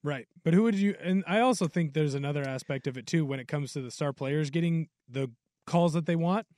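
A man's voice: a little high, fairly quick, darkish tone, no echo. A man co-hosting sports talk radio in a studio, making wry, joking asides.

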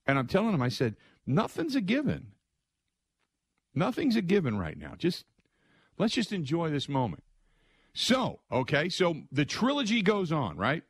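Animated middle-aged sports radio host. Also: male voice, high-pitched, a little slow, breathy edge, no echo. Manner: excitable, conversational, acts out others' lines. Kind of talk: animated storytelling monologue.

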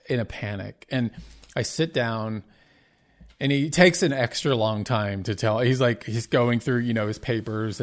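Podcast host, middle-aged man, candid storytelling, frequent restarts, average pitch. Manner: candid, earnest retelling with many restarts and quoted dialogue. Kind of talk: personal storytelling.

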